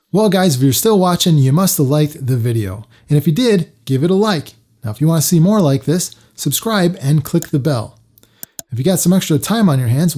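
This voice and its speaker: Rambling man with a mellow, raised voice. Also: fairly high pitch. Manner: rambling, loose, with many fillers and restarts. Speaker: storytelling vlogger. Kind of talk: casual personal storytelling.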